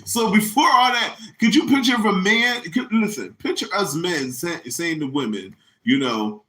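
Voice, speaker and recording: A man's voice: high voice, moderate pace, hardly any pauses. A man hosting a podcast, ranting in a casual, comedic, and profane way. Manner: animated, profane, mocking. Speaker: podcast host. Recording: echoey room.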